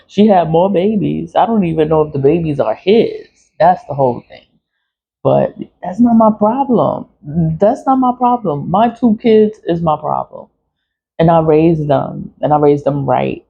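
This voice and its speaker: A woman's voice: fairly low pitch, measured pace, gravelly, breathy edge. A woman around forty, telling her story in a blunt, profane, laughing casual monologue. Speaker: vlogger. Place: home in the city early morning. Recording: dull lo-fi recording.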